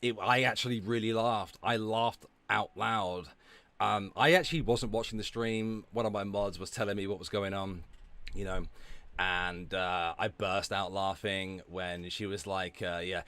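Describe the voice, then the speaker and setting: A man's voice: on the low side, moderate pace, a bit bright, no room sound. A man streaming, ranting and talking back to his chat, sweary and sarcastic. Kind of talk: ranting livestream commentary.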